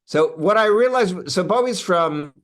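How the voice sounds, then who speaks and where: A high-pitched actor in his sixties speaks a little slowly as a guest in a casual interview chat. He's an animated storyteller who goes off on asides and restarts his sentences.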